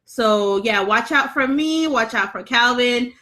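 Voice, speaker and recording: A woman's voice: on the high side, a little slow, bright, forceful tone. A young woman hosting an astrology livestream, chatting casually and reading viewer comments with lots of ums. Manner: chatty, laughs often, frequent ums. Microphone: phone.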